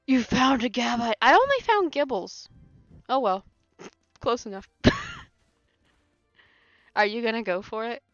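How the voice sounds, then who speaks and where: A woman's voice: a little high, sing-song, slow pace, long pauses, a bit bright, no echo. A woman streaming a game, chatting casually, rambling with lots of fillers and laughing often. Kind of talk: casual chat while playing a game live. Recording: dry, slightly muffled with faint music.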